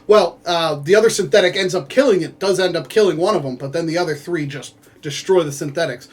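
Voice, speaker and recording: Man, high voice, casual book recap, rambling with lots of fillers, joking asides to viewers. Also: a little fast, slightly rough. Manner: rambling, heavy use of filler words.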